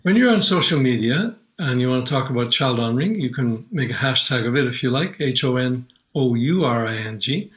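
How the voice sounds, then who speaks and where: Earnest older man, unhurried storyteller. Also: mid-range voice, low-quality recording. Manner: earnest, unhurried, sings lines of his songs. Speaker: children's singer and guest. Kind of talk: warm reflective interview talk.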